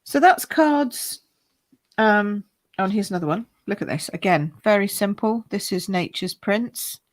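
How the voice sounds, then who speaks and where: A woman's voice: medium pitch, expressive, measured pace, no echo. A woman hosting a live card-making class, chatting cheerfully and greeting viewers by name as she shows her cards. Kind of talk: chatty live-stream craft demonstration.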